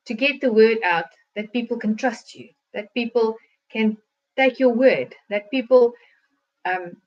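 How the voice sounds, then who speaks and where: A woman's voice: a little high, lo-fi sound. A woman, a wellness consultant, gives a hesitant motivational talk on a livestream from home, full of filler ums and questions to viewers.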